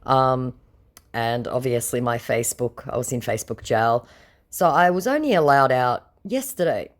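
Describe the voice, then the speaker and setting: A woman's voice: a bass voice, expressive, moderate pace. An Australian woman telling a casual vlog story, blunt and sarcastic with some swearing. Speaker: scam-baiting vlogger.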